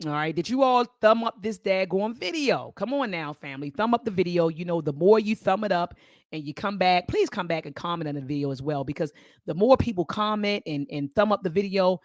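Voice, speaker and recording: A woman's voice: on the low side, expressive, brisk, no echo, studio quality. A woman hosting a live-stream book club discussion, speaking with passion and a preacher-like cadence that repeats phrases. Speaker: host.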